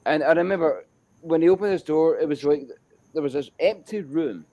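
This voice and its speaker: A man with a Scottish accent telling a story in a casual chat, animated and repetitive and swearing freely. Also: fairly high pitch, moderate pace, no echo, low-quality recording.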